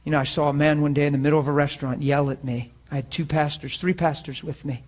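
Man, pastor, somewhat high voice, earnest, conversational, informal sermon and prayer, students in the room. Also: steady tone, fast, a little mellow. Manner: earnest, conversational, tells personal stories. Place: room with students present, also streamed online.

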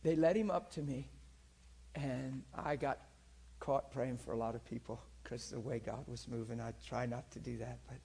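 A man preaching a sermon, telling healing stories in a lively, teasing way and laughing often, moving from quiet asides to loud peaks. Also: medium pitch, normal speed, gravelly, husky. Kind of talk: sermon storytelling about healings.

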